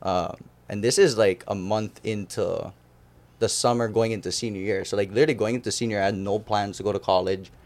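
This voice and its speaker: A man's voice: fairly low pitch, brisk. A young man from Hawaii telling stories as a podcast guest in casual chat, acting out the voices of the people he quotes. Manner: animated, acts out quoted voices.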